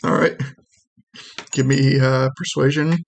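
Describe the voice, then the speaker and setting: A man narrating as game master who talks quickly, often restarts his sentences and laughs often. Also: medium pitch, steady tone, vocal fry.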